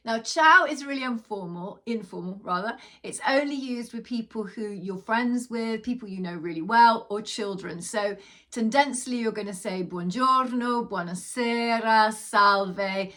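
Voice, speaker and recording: A woman teaching an online lesson, chatting casually and slowly drawing out example words for the viewer to repeat. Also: mid-range voice, pushed and bright.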